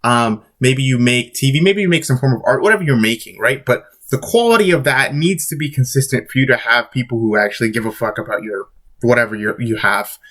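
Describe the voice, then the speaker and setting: A man's voice: mid-range voice, fairly quick, a bit bright. A man in a mid-range voice talking straight to his viewers in a casual vlog monologue. He is blunt and swears freely, pressing his points with emphasis. He rambles, restarts his sentences and keeps asking rhetorical questions. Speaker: vlogger.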